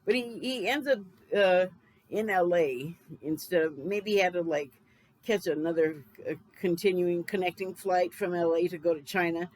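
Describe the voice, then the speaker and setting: A woman's voice: lowish voice, moderate pace, darkish tone, poor audio. Woman in her 50s going over a movie plot, rambly and chatty, keeps fixing herself, laughs a lot. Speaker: film reviewer. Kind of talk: casual spoken film recap.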